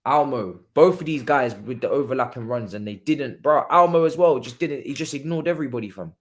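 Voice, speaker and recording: A young man reacts to a football match live, talking casually and in slang. He jumps between calm remarks and sudden shouts at the players, his voice at an ordinary middle pitch. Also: brisk. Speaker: watchalong streamer. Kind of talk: live football watchalong commentary.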